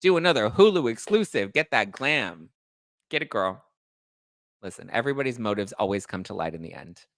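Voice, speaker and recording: A man's voice: fairly low pitch, animated, normal speed, pauses often, bright, forceful tone, no room sound. A man in his thirties hosting a podcast, ranting sassily and acting out both sides of his arguments. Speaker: podcast host. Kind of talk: heated commentary.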